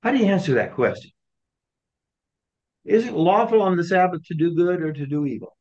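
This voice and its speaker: A man's voice: high-pitched, lively intonation, brisk, a little mellow. A man leading a small group through scripture, teaching in a conversational way, posing questions and acting out the quoted lines. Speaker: Bible study leader. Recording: dull lo-fi recording.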